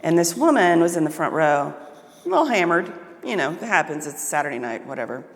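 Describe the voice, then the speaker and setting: A woman who acts on stage tells a casual anecdote with animated delivery, acting out voices and sound effects. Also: deep voice, a little fast. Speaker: theater actor. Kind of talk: casual storytelling. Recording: long reverb.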